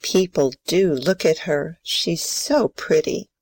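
A woman's voice: low voice, slow, a little mellow, full character voice. A woman playing a strict old grandmother. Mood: prim. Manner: stern, scolding. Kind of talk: amateur play reading.

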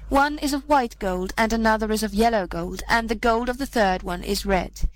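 A cruel old magician from a dark fairy tale, stern and threatening, handing down slow commands, voiced by a woman reader. Her slightly high voice stays measured, with a faint hiss underneath. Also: natural voice, low-quality recording.

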